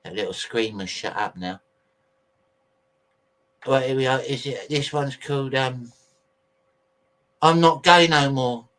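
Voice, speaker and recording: A man's voice: mid-range voice, unhurried, pauses often, fairly bright tone. A man hosting a casual livestream, rambling chattily to his viewers and swearing freely while he sorts out videos on his computer. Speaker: livestream host.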